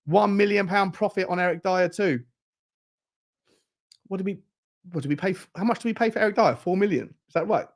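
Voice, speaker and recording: Brisk but with long pauses, a man with a high voice hosts a live watchalong for his football fan channel. He reads viewer comments, asks his audience questions and keeps the talk casual.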